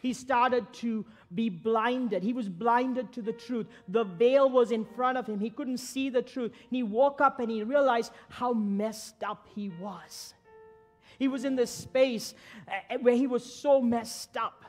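Man, pastor, dramatic sermon, high voice, soft music behind. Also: a little slow. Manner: dramatic storytelling, rising and dropping volume.

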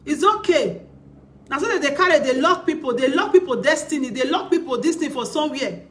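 Nigerian pidgin lady vlogger, kinda high voice, keeps repeating herself and asking questions back at you. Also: animated, brisk. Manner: emphatic, repetitive, rhetorical questions. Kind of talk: casual commentary on a video.

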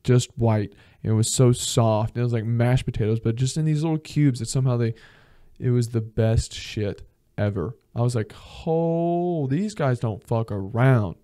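A man's voice: mid-range voice, normal speed. A young man hosting a podcast, telling a travel story casually, swearing freely, laughing often and acting out what people said. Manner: animated and profane, laughs often, acts out quotes. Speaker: podcast host.

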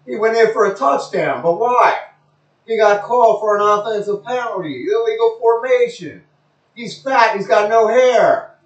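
A man's voice: sits high, expressive, moderate pace, echoey room, muffled recording. A man giving a rambling, crude, joking play-by-play of a televised football game, repeating himself often. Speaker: amateur commentator.

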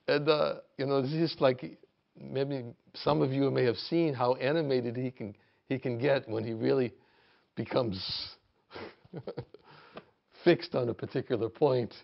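A man giving a reflective talk as a spiritual teacher, halting and restarting often, rising to emphasis as he retells a story. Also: mid-range voice, vocal fry, muffled recording. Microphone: video call.

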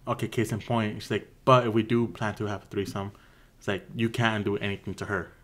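A young man answers as a podcast guest. He speaks hesitantly, with plenty of fillers. His voice is somewhat low-pitched. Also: flat delivery, a little fast. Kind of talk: casual chat.

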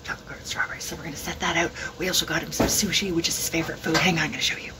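A woman vlogging at home in a hushed, excited whisper, swearing casually as she shows things off. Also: sits low, rapid-fire, very noisy. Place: indoors at home.

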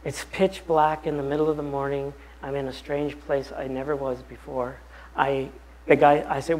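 A pastor with a husky, slightly breathy voice at a middle pitch, telling a personal story in a bible study. He tells it in an animated, anecdotal way. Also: normal speed, rough recording.

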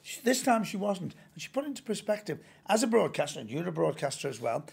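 A man, a pantomime actor and broadcaster, telling lively stories with stammering restarts. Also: high voice, fast talker, creaky, husky. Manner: animated storyteller, stammering restarts. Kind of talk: anecdotal interview chat.

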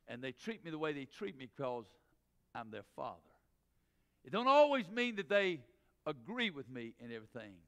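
Middle-aged male pastor, high and smooth voice, preaching with shouted peaks and quick asides. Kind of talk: sermon. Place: church sanctuary.

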